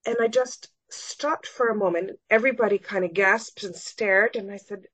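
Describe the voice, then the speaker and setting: A middle-aged woman, a salon owner appearing as a guest on a podcast interview, earnestly tells a personal story and re-enacts conversations in her own voice. Her mid-range voice is slightly rough and a bit bright, moving at normal speed with few pauses. The recording is dull, dry and lo-fi, with no echo.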